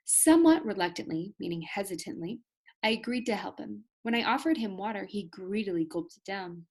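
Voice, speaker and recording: A woman teacher reading a story aloud to students, pausing to explain hard words. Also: medium pitch, lively intonation, slightly rough.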